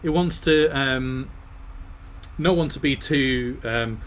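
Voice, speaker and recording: A man's voice: mid-range voice, slow pace, fairly bright tone, slight background noise. A man leading an online choir rehearsal. He talks through the music, often singing phrases to demonstrate. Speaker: choir director.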